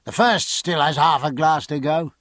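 Guy putting on a hoarse navy captain yelling orders, kinda high and pushed. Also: normal speed, no room sound, clean studio sound, natural voice. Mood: commanding. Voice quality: strong, hoarse. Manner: barked commands. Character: naval captain man, commanding in battle.

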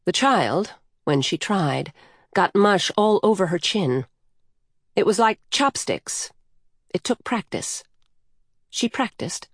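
Woman reading a story, slow and measured, lowish voice, dry close mic. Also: lively intonation, dry recording. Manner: unhurried and measured. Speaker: narrator. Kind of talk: scripted story narration.

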